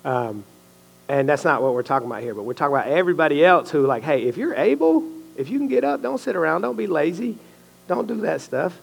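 A man's voice: a little high, fast talker, vocal fry, a little hiss or hum. A man giving a casual, conversational sermon to a small group, often checking in with "right?". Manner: conversational, animated, uses "bro" and "right?". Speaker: lay preacher and coach. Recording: echoey hall with long reverb.

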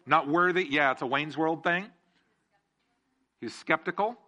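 A man's voice: a little high, unhurried, bright, forceful tone, dull audio. A man preaching a casual sermon, joking and asking the room questions. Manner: jokey, asks the room questions. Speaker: pastor.

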